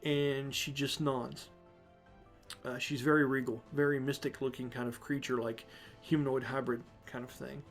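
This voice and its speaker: A man narrating a tabletop game as game master, relaxed and improvising with fillers. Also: medium pitch, moderate pace, faint music behind.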